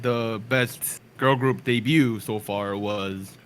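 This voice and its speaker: A man's voice: lowish voice, steady tone, takes it slowly, a little hiss or hum. A man co-hosting a casual podcast, easygoing and teasing, reading out a list of release dates. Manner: easygoing, teasing, laughs often. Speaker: podcast co-host.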